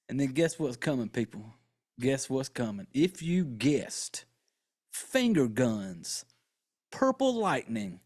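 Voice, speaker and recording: A man hosting a podcast, retelling a film in an excitable, profane, casual way and acting out characters' lines. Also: mid-range voice, slow pace. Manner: acts out characters' lines in quotes. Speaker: podcast host. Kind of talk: casual movie recap.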